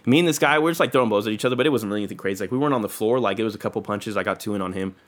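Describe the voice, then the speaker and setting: A man's voice: on the low side, rapid-fire. A young man telling rambling, profane stories in casual chat, full of fillers.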